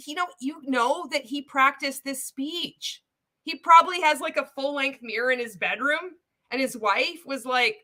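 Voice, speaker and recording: A woman's voice: high-pitched, moderate pace, bright, forceful tone. A woman giving sarcastic, swearing reaction commentary on a video. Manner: sarcastic, swearing, bursting into laughter.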